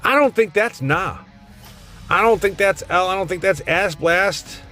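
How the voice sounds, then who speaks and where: A man's voice: high voice, unhurried, pushed and bright, soft background music. Blunt, swearing man ranking wrestlers. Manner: blunt, rambling, swears constantly. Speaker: tier list host. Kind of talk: casual profane commentary.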